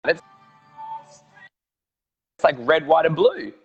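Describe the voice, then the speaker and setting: A man's voice: on the high side, slow, creaky, husky, dull audio, faint music behind. A man with an Australian accent, a guest in a casual chat, easygoing and jokey.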